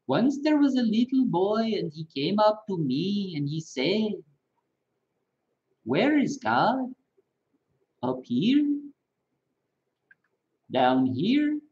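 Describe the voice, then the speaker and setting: A man's voice: sits high, very animated, slow pace, pauses often, darkish tone, highs cut off, voice pushed up, exaggerated voice. A man putting on a very nasal voice as a male spiritual teacher telling a simple parable. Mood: storytelling.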